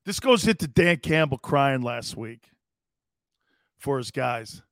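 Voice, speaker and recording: A middle-aged man from Connecticut hosting a sports radio show, loud and rambling, laughing and doing voices for his stories. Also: medium pitch, lively intonation, takes it slowly, vocal fry, dry recording, clean studio sound. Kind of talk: animated sports talk.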